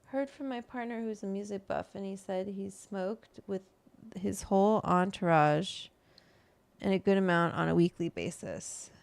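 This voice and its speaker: A woman hosts a relaxed, chatty talk and reads quotes aloud in an easy way. Her voice has a gravelly, fried edge at a middle pitch. The sound is close and dry, with no room echo. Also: measured pace. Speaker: host. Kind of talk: casual chat.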